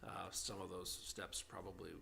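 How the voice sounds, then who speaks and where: A man on a town council, commenting in a measured way with frequent fillers. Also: sits low, completely flat delivery, vocal fry, sharp tone, a little hiss or hum. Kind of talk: council meeting questioning.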